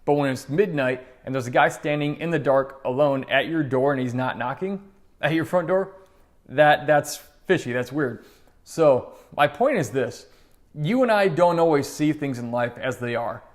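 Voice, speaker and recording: In this storytelling monologue, a middle-aged motivational speaker with a slightly high voice and moderate pace retells a personal experience. He sounds earnest and conversational, performing the quoted voices with animation.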